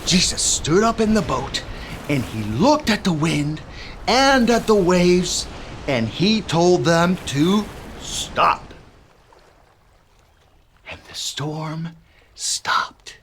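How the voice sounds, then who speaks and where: A woman's voice: fairly low pitch, big pitch swings, drawn-out words, pauses often, slight background noise, exaggerated voice. A woman playing a cheerful male handyman who tells a Bible story to children, calling them to join in with actions. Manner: playful, calls kids to join in. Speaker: children's church presenter.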